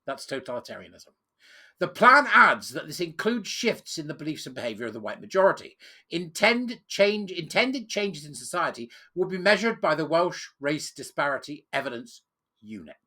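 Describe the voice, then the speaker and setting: A man's voice: a little high, sing-song, fairly quick, sharp tone. A British man reading out a policy report and breaking off into sarcastic, scornful commentary. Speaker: political commentator. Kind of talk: reading news and ranting commentary.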